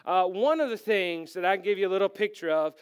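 A middle-aged pastor preaches a sermon, animated and self-deprecating, acting out quoted lines in his stories. His high voice is fast, clear, and resonant.

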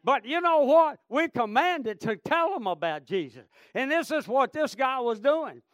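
High-voiced fervent male preacher. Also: expressive, measured pace, no room sound, muffled recording. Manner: fervent, repetitive, calls out "Amen?" and "friend". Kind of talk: sermon.

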